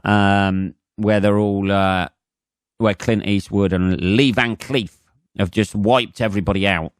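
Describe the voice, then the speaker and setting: Sweary English comic, low smooth voice. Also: male voice, fairly even intonation, a little slow, no room sound, studio quality. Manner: profane, rambling, many fillers and restarts. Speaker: comedian and podcast host. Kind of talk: rambling solo podcast monologue.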